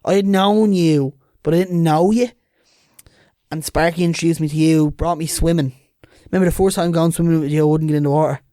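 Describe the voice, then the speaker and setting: A Dublin man chats as a podcast guest, his voice sitting a touch high. His stories come out lively and loose, with plenty of swearing. The sound is close and dry, with no room in it. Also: a little fast, no room sound. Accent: Dublin Irish. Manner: lively, chatty, swears freely. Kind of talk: casual storytelling.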